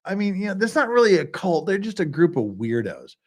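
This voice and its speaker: A man's voice: high-pitched, big pitch swings, brisk. A man hosting a casual live stream, rambling and joking with many restarts and asides. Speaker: streamer host. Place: lives in Korea.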